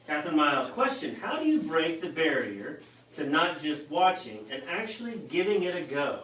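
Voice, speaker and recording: A man's voice: a little high, sing-song, normal speed, a bit bright. A man co-hosting a live painting show, cheerfully reading out viewers' comments. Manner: reads comments aloud, chipper and enthusiastic. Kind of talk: live stream chat. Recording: echoey room, mic a bit far.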